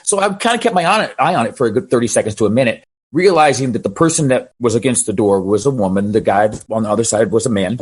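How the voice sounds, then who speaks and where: A man who works as a DJ, telling an animated story and asking for advice on a video call, with halting restarts. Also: medium pitch, husky. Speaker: DJ asking a question.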